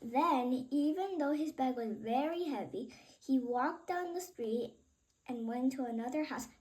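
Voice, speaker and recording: A woman reading a children's picture book aloud in an expressive, unhurried way. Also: high voice, poor audio. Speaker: reader. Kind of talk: children's storybook read-aloud.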